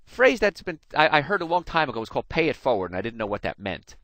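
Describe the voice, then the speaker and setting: A man's voice: medium pitch, quick pace, no echo. A middle-aged man from New Jersey with a slight New Jersey accent, hosting a radio health show in a folksy, storytelling way and talking straight to his listeners. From New Jersey, USA. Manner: folksy storytelling, animated, addresses listeners directly. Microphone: studio microphone.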